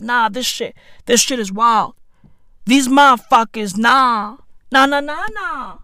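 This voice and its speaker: A woman's voice: fairly high pitch, pushed and bright, no room sound, studio quality. A woman delivering a profane, exaggerated comedic rant to camera. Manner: profane, exaggerated, rapid-fire slang. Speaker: comic vlogger.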